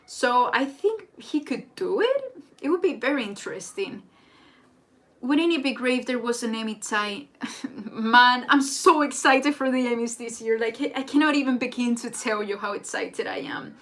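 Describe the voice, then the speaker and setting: A young woman, a native Spanish speaker, hosting a casual live chat in an excitable, rambling way. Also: a little high, moderate pace. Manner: excitable and rambling, with frequent restarts. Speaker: livestream host. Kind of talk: casual live chat reading viewer comments.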